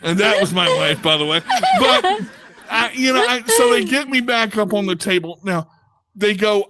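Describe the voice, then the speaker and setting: A man performing a stand-up comedy routine at a club, telling an animated story and acting out the voices of the people in it. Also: sits high, moderate pace, slight background noise, rough recording.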